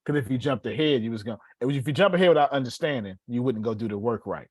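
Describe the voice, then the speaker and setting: A man teaching a class, animated and slangy, joking and acting out examples. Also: mid-range voice, quick pace, no room sound.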